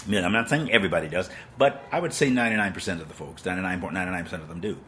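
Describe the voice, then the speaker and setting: Older male preacher in his 60s, live-stream sermon, low and forceful, emphatic and dramatic. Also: very fast.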